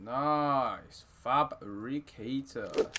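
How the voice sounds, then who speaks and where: A young man giving casual, excitable gameplay commentary, swearing often and shouting when surprised. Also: mid-range voice, extremely slow. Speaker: gaming YouTuber.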